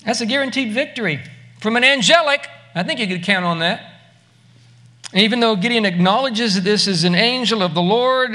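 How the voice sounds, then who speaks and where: A man's voice: very high-pitched, a little fast, pushed and bright. A man preaching a sermon as a pastor, in a conversational way, asking the listeners direct questions.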